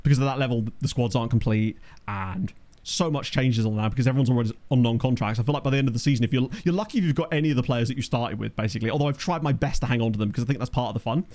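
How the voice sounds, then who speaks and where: Rapid-fire and a touch mellow, this mid-range male voice belongs to a let's play host casually chatting over his game. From his home office, he reads chat and works through viewer questions aloud on a desktop USB condenser mic.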